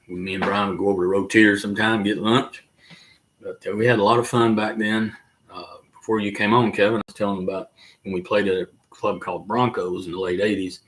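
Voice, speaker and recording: Folksy low-voiced older Southern man. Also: fairly bright tone, slight background noise. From mountains of North Carolina. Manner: folksy, rambling, drawn-out fillers. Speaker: livestream host and musician. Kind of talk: casual chat to live viewers.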